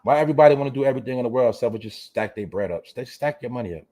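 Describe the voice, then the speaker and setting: A man's voice: mid-range voice, animated, very fast, warm tone. Profane, ranting male livestream host. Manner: profane, blunt, preachy, talks straight to viewers. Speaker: show host. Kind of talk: livestream commentary rant.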